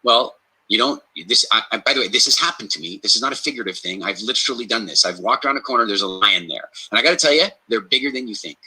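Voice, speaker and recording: Podcast man, emphatic and punchy, very bright tone with a husky edge. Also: fairly low pitch, animated, quick pace, low-quality recording. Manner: emphatic, repeats key phrases for stress; storytelling, acts out quoted reactions. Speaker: podcast speaker giving health advice. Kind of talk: energetic conversational podcast talk.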